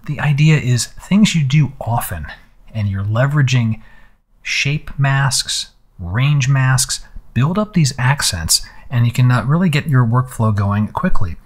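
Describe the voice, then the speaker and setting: Man, photography instructor, casual screen-recorded tutorial, conversational, mid pitch. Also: unhurried, husky. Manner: relaxed, conversational explaining with fillers.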